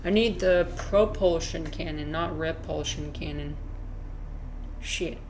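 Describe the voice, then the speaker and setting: A young woman talks casually on a game livestream, rambling and answering her chat as she plays. Her voice sits a little on the low side. Faint background noise hangs under a home desk mic. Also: takes it slowly, darkish tone. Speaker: streamer.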